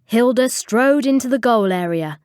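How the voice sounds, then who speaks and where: A woman's voice: on the high side, animated, moderate pace, darkish tone, clear, resonant tone, no room sound, clean studio sound. A woman reading a storybook aloud expressively for English learners. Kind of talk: storybook narration.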